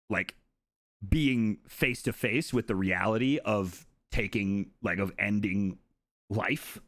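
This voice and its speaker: Man, live streamer, casual storytelling, animated pitch, swears, dry close mic. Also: no echo. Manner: animated, swears freely, mimics others in a higher voice.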